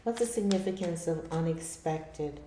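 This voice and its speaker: A woman's voice: low-pitched, moderate pace, warm tone, a little hiss or hum. A woman giving a chatty tarot reading to her viewers, calling them her darlings. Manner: chatty, laughs often, addresses viewers as darlings. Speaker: tarot reader. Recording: echoey room.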